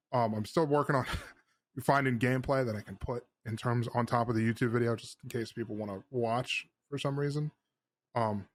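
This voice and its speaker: A man hosting a casual gaming podcast, rambling and laughing at himself. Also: medium pitch. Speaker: podcast host. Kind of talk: casual chat.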